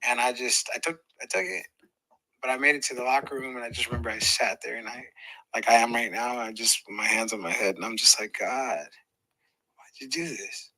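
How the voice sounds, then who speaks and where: Middle-aged boxer, very bright tone, lively storyteller, punches out sound effects, podcast guest. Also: male voice, medium pitch, fast, rough recording. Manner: lively, acts out moments with sound effects and laughter. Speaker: professional boxer. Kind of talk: animated storytelling in a podcast interview.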